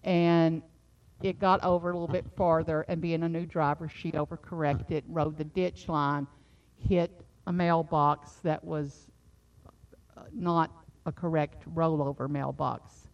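A middle-aged woman preaching a sermon, moving from a quiet personal story into fervent, rising exhortation. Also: low voice, little pitch movement, measured pace. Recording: slightly dull lo-fi sound.

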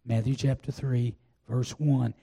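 An older man preaching a sermon, telling a personal testimony in a folksy, drawn-out way. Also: mid-range voice, steady tone, gravelly, warm tone, breathy edge. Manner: folksy storytelling, drawn-out pauses. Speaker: pastor.

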